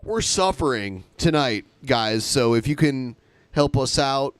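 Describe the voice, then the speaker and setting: A man co-hosting a livestream podcast, telling crude stories in an animated, joking way. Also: medium pitch, a little slow, clear, resonant tone, no room sound. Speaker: podcast co-host. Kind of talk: casual livestream banter.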